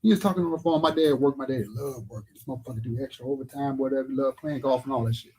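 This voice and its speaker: A man's voice: mid-range voice, racing, dark tone, breathy edge, poor audio. A man on a podcast telling a personal story in a blunt, profane, drawling way. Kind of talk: casual storytelling chat. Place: live podcast studio.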